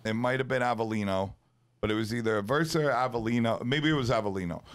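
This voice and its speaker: A man's voice: mid-range voice, fast talker. A man hosting a podcast, telling stories in a loose, swearing, restart-heavy way. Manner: loose, profane storytelling with many restarts. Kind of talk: casual chat.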